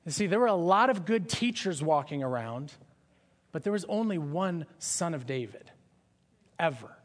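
A man's voice: on the high side, expressive, normal speed. A man preaching a sermon in a conversational style, often asking his listeners questions. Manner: conversational, asks the audience questions. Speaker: pastor.

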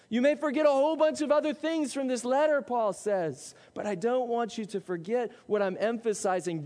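A man with a notably high voice preaches to his congregation, driving his points home with repeated questions and emphasis. His words ring out with a long reverb trailing behind them in the church hall. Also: a little mellow. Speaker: pastor. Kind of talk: sermon. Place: church sanctuary.

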